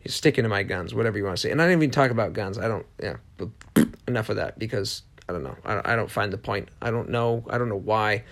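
A man's voice: on the low side, fast talker, creaky, a bit bright. A man hosting a solo motivational podcast, talking earnestly in a rambling way, often restarting and repeating short emphatic affirmations. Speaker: podcast host.

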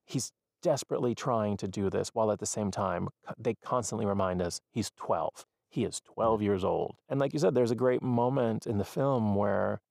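A man's voice: lowish voice, normal speed, creaky, hardly any pauses, no echo, clean studio sound. A man who is a parent, discussing a film casually and animatedly retelling scenes. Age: adult parent. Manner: animated retelling, acts out quoted lines.

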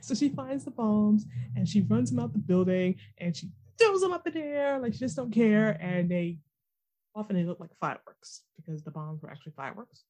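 A young adult woman co-hosting a podcast in casual chat, talking loosely with lots of fillers and quick laughs. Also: mid-range voice, expressive, dark tone. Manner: chatty, fillers like "like", laughs easily. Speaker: podcast co-host.

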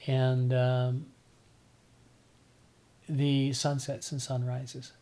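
A middle-aged man, chatting as a podcast guest. He tells unhurried, reflective stories and often stops and restarts his sentences. His voice sits in an ordinary middle range. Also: medium pitch, completely flat delivery, mellow. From Newfoundland, Canada. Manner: reflective, rambling storyteller with frequent restarts. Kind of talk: casual conversation.

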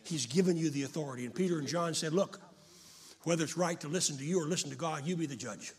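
An older man preaching a fervent sermon to a congregation, often rising to shouts. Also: fairly high pitch, fast talker. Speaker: pastor.

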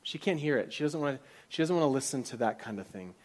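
A middle-aged pastor preaching a sermon earnestly, dropping to a hushed voice for quoted lines and repeating words as he searches for them. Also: mid-range voice, animated, quick pace.

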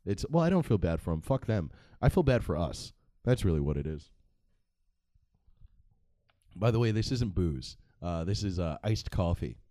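A man with a low, mellow voice riffs through a casual comedic commentary, profane and rambling. The sound is dry and close, with no room around him. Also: big pitch swings, moderate pace, pauses often, no echo. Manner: profane, joking and rambling with frequent laughs. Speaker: vlog host.

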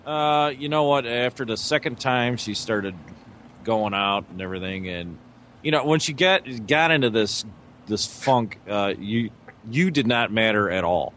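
A man chatting casually with friends, telling a long personal story. He swears freely and breaks into laughter as he acts out what was said. His voice sits in an ordinary middle pitch. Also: measured pace, fairly bright tone, a little hiss or hum. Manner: profane, laughs mid-story, acts out quotes. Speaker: podcast co-host telling a story. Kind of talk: casual chat.

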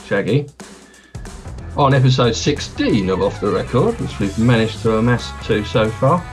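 A man's voice: medium pitch, lively intonation, moderate pace, faint music behind. A man hosting a podcast in casual chat, rambling and correcting himself as he talks. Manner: rambling, self-correcting, chatty. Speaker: podcast host.

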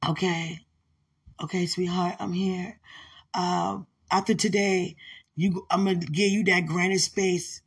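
Woman in an emotional live prayer session, husky and breathy voice, slow and drawn-out speech, tearful, sighing, calls listener sweetheart. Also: on the low side, fairly even intonation. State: crying.

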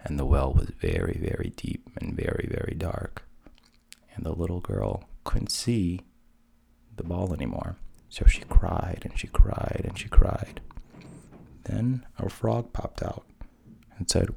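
A man narrating a fairy tale softly, at times dropping to a whisper. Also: low-pitched, sing-song, a little slow, gravelly, slightly rough. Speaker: storyteller.

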